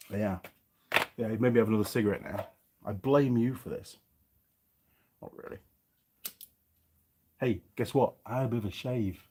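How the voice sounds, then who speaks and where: A man's voice: medium pitch, darkish tone, husky. A middle-aged man from England with a slightly faded Yorkshire accent, chatting casually on a livestream and reading viewer comments aloud. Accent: Yorkshire English, partly faded. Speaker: YouTube mechanic channel host.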